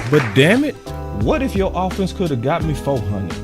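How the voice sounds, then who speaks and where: Fired-up high-voiced man ranting. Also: wildly swooping pitch, normal speed, music in the background, a crowd in the background. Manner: heated, repeats himself for emphasis. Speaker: sports commentator. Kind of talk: fan rant about a football game.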